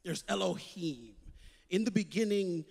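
A man preaching a sermon as pastor, repeating words as he builds and swinging from loud calls to hushed quotes. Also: high voice, lively intonation, measured pace, gravelly, in a large hall.

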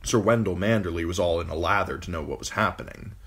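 Brief: low-voiced man, steady amateur audiobook narration. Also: gravelly, breathy edge. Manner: measured storytelling narration. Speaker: audiobook reader.

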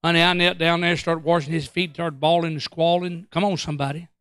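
A preacher man tells a story from the pulpit, his voice high and bright. He acts out every quote with big swings, breaking off to call out to his church. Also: fairly quick, clear, resonant tone, dry recording. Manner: animated, acts out quotes, Pentecostal call-outs. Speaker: pastor. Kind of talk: storytelling sermon.

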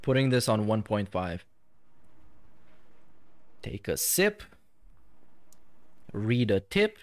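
A man's voice: lowish voice, big pitch swings, slow, no room sound. Man, podcast host, blunt, sarcastic, casual reaction talk, dry room. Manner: blunt, sarcastic, swears freely.

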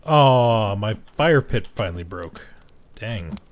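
Young guy playing a survival game, super expressive voice swinging all over, chatty and jokey, yells when something jumps him. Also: fairly low pitch, takes it slowly. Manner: chatty, jokey, talks to the game's characters; reacts loudly and shrieks when startled. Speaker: gaming video host. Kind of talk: casual let's-play commentary.

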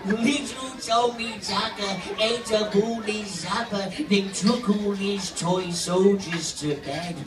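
A man voicing a gentle, slow-talking male pink hippo puppet in a comic impression on stage, soft and giggly. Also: high-pitched, fairly even intonation, voice pushed down. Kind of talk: comic impression in live stand-up. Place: holiday park stage, live audience. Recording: echoey room, from far off, crowd.

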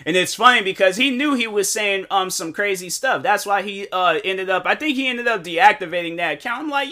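A young man, a content creator, talking casually in a rambling, animated way with many fillers and restarts. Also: sits high, normal speed. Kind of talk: casual monologue.

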